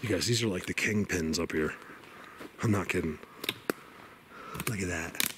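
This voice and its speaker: A man filming a vlog in a forest, talking excitedly, stammering, and sometimes dropping to a whisper. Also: low voice, unhurried, noisy background. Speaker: Bigfoot hunter vlogger. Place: forest outdoors.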